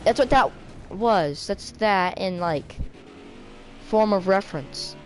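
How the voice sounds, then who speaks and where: A woman giving rambling, self-mocking commentary while playing a racing game, with sudden excited outbursts. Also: mid-range voice, takes it slowly, faint music behind, poor audio. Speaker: gaming video creator. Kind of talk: rambling let's-play commentary.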